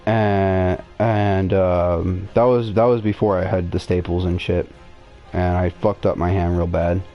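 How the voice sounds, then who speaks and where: A young man hosts a podcast and tells a long personal story casually, rambling and profane, with frequent restarts and fillers. He speaks unhurriedly in a low-pitched, steady tone over faint background music, and the audio sounds dull.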